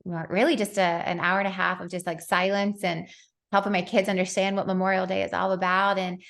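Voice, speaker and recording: Woman podcast host, 30s, bright and forceful voice, animated storyteller who laughs often. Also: medium pitch, brisk, creaky. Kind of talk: casual interview chat.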